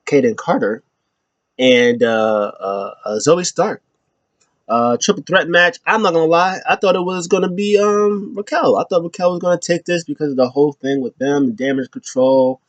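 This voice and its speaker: A man talks through a wrestling show on his own, casual and loose, full of "uh" and restarts. His voice sits a little high, and the dry, close mic puts him right in your ear. He slips into squeaky voices when he quotes the wrestlers. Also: moderate pace, no room sound. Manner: rambling, filler-heavy, acts out quotes in a high voice. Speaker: wrestling recap host. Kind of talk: casual solo recap.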